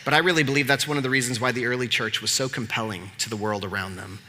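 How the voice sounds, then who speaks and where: Male pastor, animated and wry, sharp tone, echoing sanctuary. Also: medium pitch, fast. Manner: animated, conversational storytelling with humor. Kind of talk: sermon. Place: church sanctuary.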